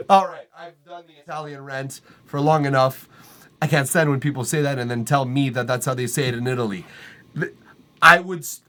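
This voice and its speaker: A man's voice: fairly high pitch, fairly bright tone. A man from Montreal hosts a live music feedback stream from his home studio. He chats loosely, laughs a lot and swears freely as he reads messages from the chat aloud. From Montreal, Canada. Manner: chatty and profane, reading chat aloud and laughing. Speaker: livestream host reviewing music.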